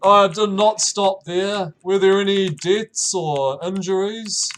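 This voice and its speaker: Kiwi guy streaming, high pitched, slow talker, laughs a lot and trips over his words. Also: a bit bright. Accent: New Zealand. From New Zealand. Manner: laughs often, stumbling restarts, reacts with sudden high exclamations. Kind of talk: casual chat reading chat messages aloud.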